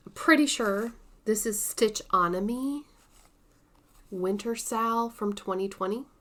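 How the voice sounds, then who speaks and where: A woman vlogger in casual show-and-tell chat about her stitching projects, unhurried and chatty, with some soft asides. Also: medium pitch.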